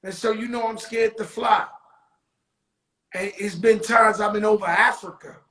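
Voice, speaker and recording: A man hosting a talk show, telling stories in a loose, profane street-talk style that slows into motivational preaching. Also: sits high, steady tone, pushed and bright. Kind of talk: casual storytelling monologue. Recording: echoey room.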